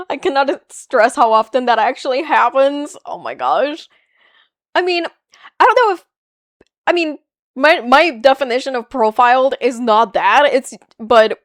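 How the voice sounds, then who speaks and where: High-voiced, animated woman streamer. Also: dry recording, clean studio sound. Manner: animated, swearing, quick laughs, playful banter. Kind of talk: casual live-stream chat reading viewer comments.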